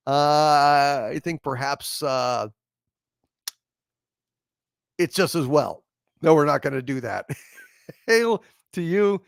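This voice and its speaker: A man hosting a live-streamed show, reading viewer super chats in a rambling, chuckling way with drawn-out fillers. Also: a little high, gravelly, a bit bright, no room sound, clean studio sound.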